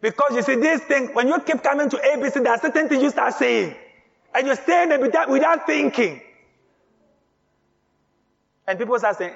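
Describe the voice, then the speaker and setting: A man preaching a sermon as pastor, speaking emphatically, repeating key phrases and building up to shouts. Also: very high voice, expressive, moderate pace, vocal fry, pauses often, husky, big-room sound, dull audio.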